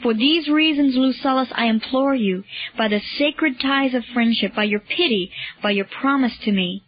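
A solemn, imploring man offering his life for a friend, as a woman reader puts him on. The voice sits fairly high, and the audiobook recording sounds dull and lo-fi. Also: moderate pace, no echo, lightly acted. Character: earnest self-sacrificing grown man pleading.

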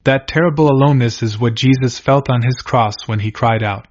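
An older man reading a religious children's story aloud, earnest and plain, asking the listener gentle questions. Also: mid-range voice, fairly quick, hardly any pauses, dull audio. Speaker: narrator of a devotional book.

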